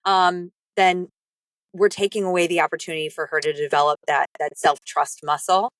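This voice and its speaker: A woman's voice: lowish voice, steady tone, normal speed, a bit bright, no room sound. A woman hosting a podcast, chatting and urging her guest to go on. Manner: conversational, encouraging the guest to go on. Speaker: podcast host. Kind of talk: podcast conversation.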